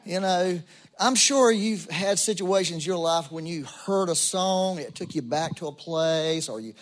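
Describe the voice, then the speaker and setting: A man's voice: a little high, unhurried. A man preaching a sermon to a congregation, telling a story in a casual way and building to emphatic peaks. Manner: conversational storytelling, rising to emphatic. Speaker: pastor. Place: church room with congregation.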